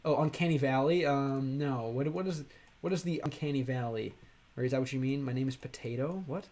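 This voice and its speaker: An American man from Chicago chatting casually on a livestream, rambling and halting, with many fillers and restarts. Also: medium pitch, darkish tone. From Chicago, USA. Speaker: streamer and language learner.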